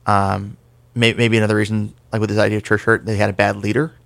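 A man's voice: fairly low pitch, little pitch movement, fast, vocal fry, a bit bright, no room sound. A man co-hosting a casual podcast discussion about faith, explaining things conversationally with the odd self-deprecating joke. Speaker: podcast co-host.

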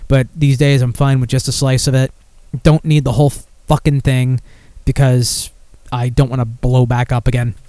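A man's voice: mid-range voice, little pitch movement, normal speed, mellow, no echo. A man hosting a beer podcast in casual chat, rambling and blunt with frequent swearing. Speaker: podcast host.

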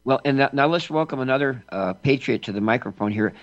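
A man's voice: medium pitch, expressive, quick pace, dry recording, lo-fi sound. A man hosting a political radio talk show, emphatic with folksy asides.

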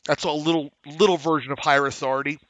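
A man teaching on a podcast, with a bright, forceful voice pitched a little high. He talks in a blunt, emphatic way and slips into little acted-out dialogues. The sound is close and dry. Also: fast talker, dry recording, muffled recording. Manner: lively, acts out dialogues in different voices. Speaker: podcast host teaching real estate investing. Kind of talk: instructional podcast talk.

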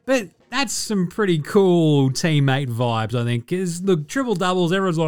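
A man's voice: a little high, normal speed, clean tone. A young Australian man hosting a podcast, chatting about sport with lots of swearing and sarcastic jokes. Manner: swears a lot, sarcastic and animated. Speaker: podcast host. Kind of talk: casual sports chat.

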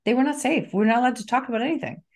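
A woman's voice: fairly high pitch, very fast, a little mellow. A woman in her fifties, a guest on an interview podcast, talking earnestly and repeating key phrases for emphasis. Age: 50s. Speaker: podcast guest, NLP trainer and author. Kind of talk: casual interview conversation.

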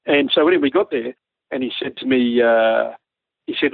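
Man, ex-army pilot storyteller, animated and laughing, gravelly voice, dry close sound. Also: mid-range voice, brisk, no echo. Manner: animated storyteller, often laughing while talking. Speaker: former army helicopter pilot. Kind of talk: casual storytelling. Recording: dry tinny phone-like audio.

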